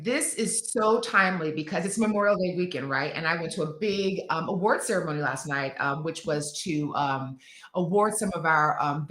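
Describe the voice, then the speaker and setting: Chatty woman with a bright, echoey voice. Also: low-pitched. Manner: chatty and emphatic, with many fillers. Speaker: guest lifestyle expert. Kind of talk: casual TV segment demo.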